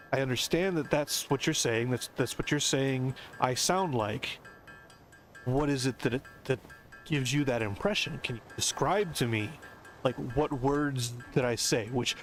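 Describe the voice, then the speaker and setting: Casual American male streamer, mid-range voice, thinks aloud in long tangents over quiet background music. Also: mid-range voice. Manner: musing, talkative, explanatory. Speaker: game streamer. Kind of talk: casual rambling commentary.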